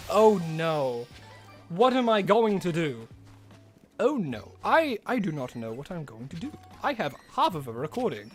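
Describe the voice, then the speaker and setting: Lively high-voiced man streaming a game. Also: slow pace, long pauses, faint music behind. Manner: rambling, exclamatory, talks to himself. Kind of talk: casual live-stream chat.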